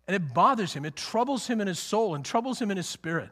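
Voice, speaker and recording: A man teaching a conversational Bible sermon, animated and emphatic, acting out the quotes as he goes. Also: high voice, fast talker, hardly any pauses. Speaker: preacher.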